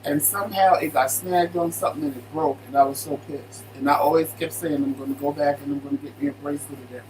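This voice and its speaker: A man's voice: fairly high pitch, fairly even intonation, quick pace, a little mellow, a little hiss or hum, poor audio. A man co-hosting a casual live stream at home, chatting and calling out viewers by name. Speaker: co-host of a live stream show. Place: home living room.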